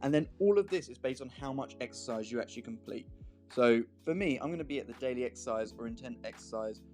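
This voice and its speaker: A man's voice: medium pitch, lively intonation, fast, darkish tone. Young man, casual fitness vlog, upbeat explainer, faint guitar music behind. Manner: chatty, upbeat, explains step by step. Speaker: fitness vlogger.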